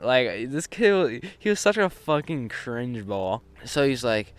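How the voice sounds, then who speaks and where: A teenage boy tells a story in a loose, rambling way, swearing freely and stumbling over restarts. His voice is smooth and clear at a middle pitch, heard close and dry. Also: big pitch swings, measured pace, few pauses, a bit bright, no room sound. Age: teens. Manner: rambling, profane, many restarts. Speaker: vlogger. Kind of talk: casual storytime.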